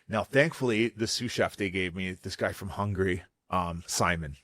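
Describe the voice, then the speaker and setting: Man, low voice, dry close sound, energetic podcast storyteller. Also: no room sound. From Vancouver, Canada. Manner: animated, fast storyteller who swears freely. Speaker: guest chef.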